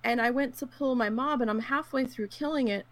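A woman chatting casually about gaming, telling her stories with animated quotes and a lot of fillers. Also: sits high, a little fast, dry recording. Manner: animated storyteller who acts out quotes; frequent fillers and laughs.

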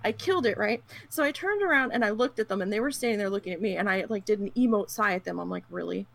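A woman chatting casually about gaming, telling her stories with animated quotes and a lot of fillers. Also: medium pitch, quick pace, vocal fry, no echo. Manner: animated storyteller who acts out quotes; frequent fillers and laughs.

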